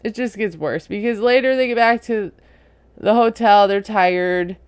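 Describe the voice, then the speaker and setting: Chatty woman recapping a reality show, smooth clear voice, dry close sound, pretty opinionated. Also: mid-range voice, measured pace, darkish tone, no room sound. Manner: chatty and opinionated, frequent laughs. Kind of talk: casual recap commentary.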